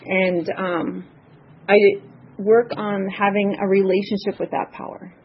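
A woman's voice: mid-range voice, little pitch movement. Nervous woman sharing her recovery story. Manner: earnest, halting, many ums and restarts. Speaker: recovery meeting speaker. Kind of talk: personal testimony share. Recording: slightly dull lo-fi audio, faint noise.

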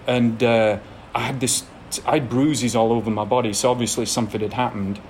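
Frank Englishman telling a rough story. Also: mid-range voice, little pitch movement, fairly quick, a little hiss or hum. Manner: frank, self-deprecating storytelling with frequent laughs. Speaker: speaker sharing a recovery story. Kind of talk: candid personal testimony to an audience.

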